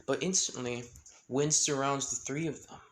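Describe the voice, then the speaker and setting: A man's voice: medium pitch, fairly even intonation, moderate pace, fairly bright tone. A man casually retelling a fan story, rambling with many restarts and filler phrases.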